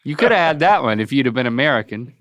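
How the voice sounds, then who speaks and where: A man's voice: mid-range voice, sing-song, fast, fairly bright tone. A man hosting a casual podcast, playfully quizzing and coaching his father on pronunciation. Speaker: podcast host.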